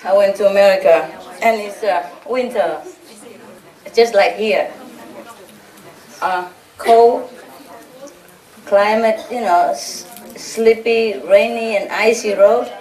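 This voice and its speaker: Speaking slowly with long pauses, a woman teacher addresses her disciples at an informal gathering in a mid-range, slightly mellow, fairly even voice. She laughs, teases and tells anecdotes while a large audience laughs along, all captured from afar in an echoey room.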